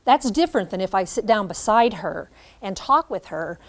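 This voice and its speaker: Animated woman giving a classroom lecture. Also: mid-range voice, moderate pace. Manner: animated, demonstrates by acting out lines. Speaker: teacher educator.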